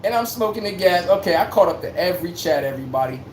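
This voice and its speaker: A man's voice: sits high, animated, quick pace. A man hosting a livestream sports talk show for his chat, brash and joking, full of slang and sudden bursts of hype. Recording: roomy echo with faint background hum.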